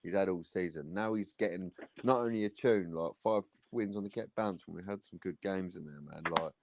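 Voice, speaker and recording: A man's voice: low voice, a little fast, darkish tone. A man on a football panel, telling a rambling story in casual chat and swearing often. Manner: swears a lot, rambling retelling.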